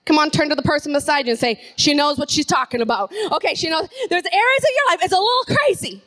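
Woman preacher, high voice, energetic sermon, call-and-response with the congregation. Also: quick pace. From Canada. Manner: energetic, calls on the congregation to repeat phrases. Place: church sanctuary.

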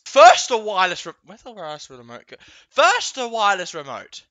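Bright, animated ranting man. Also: sits high, fairly quick, no echo. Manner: exaggerated, ranting, yelps and outbursts. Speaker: vlogger. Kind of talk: comedic rant vlog.

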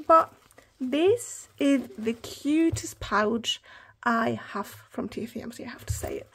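A woman chatting through an unboxing of planner stationery, gushing with excitement and often dropping to a whisper. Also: a little high, slow, slight background noise. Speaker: planner vlogger. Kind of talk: casual haul unboxing.

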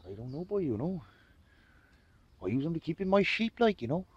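A man's voice: fairly high pitch, big pitch swings, a little fast, slightly rough, muffled recording, pitched above the performer's own voice. A man putting on a playful mock Australian accent, rambling with lots of fillers, outdoors in the countryside. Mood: jokey. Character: jokey sunny Australian bloke, chatty and relaxed.

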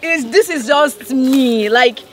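A woman's voice: high voice, slow pace. A Nigerian woman, a vlogger guest, chatting breezily and laughing, mixing in Yoruba phrases. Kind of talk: casual chat.

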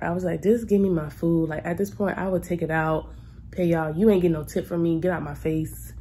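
A young adult woman vlogging to camera, telling a story in a casual, animated and exasperated way with colloquial asides. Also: lowish voice, slightly rough.

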